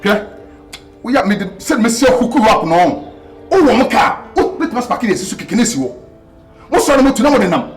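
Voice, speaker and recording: A brash bullying boss, loud and foul-mouthed, pitched high with a lively delivery, film music behind. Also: male voice, a little fast. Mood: bossy. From Ghana. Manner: loud, bossy, swearing, mixing Twi and pidgin English. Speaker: actor in a Twi comedy film. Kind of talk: Kumawood film acting.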